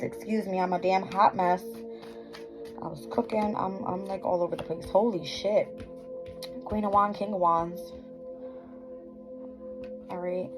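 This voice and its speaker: A woman's voice: mid-range voice, poor audio. A woman giving a casual astrology and tarot reading to viewers at home, scattered and swearing, often tripping over her words. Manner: scattered, swearing, self-interrupting, laughing at own slips. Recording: background music playing.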